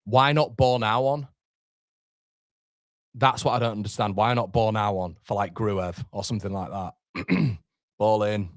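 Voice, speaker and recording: A man hosting a live football watchalong, reacting anxiously and in exasperation, sometimes swearing and shouting at players. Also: fairly low pitch, steady tone, a little slow, long pauses, no room sound, clean studio sound. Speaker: fan watchalong host. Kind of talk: live football fan commentary.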